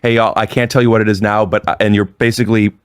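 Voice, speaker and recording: Man, very fast talker, playful, podcast guest. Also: lowish voice, fairly even intonation, clean tone, no echo, clean studio sound. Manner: fast, playful, coaching others. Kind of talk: casual podcast chat.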